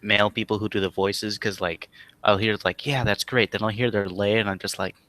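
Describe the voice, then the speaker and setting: Low, bright-voiced young man, dry sound. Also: a little fast. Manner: relaxed, enthusiastic, filler-heavy. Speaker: podcast co-host. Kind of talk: casual chat.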